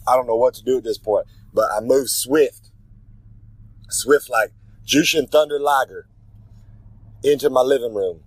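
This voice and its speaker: A man's voice: medium pitch, no echo, low-quality recording. A man delivering a rambling, swaggering wrestling promo, talking about himself in the third person. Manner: rambling, with self-corrections. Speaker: pro wrestler giving a regular segment.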